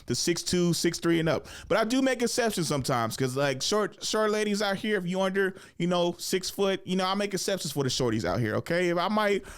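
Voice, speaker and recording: A man's voice: sits high, animated, a little fast, few pauses, smooth. A young adult man, a comedian and host, talking casually and animatedly in a solo monologue, laughing often and putting on voices.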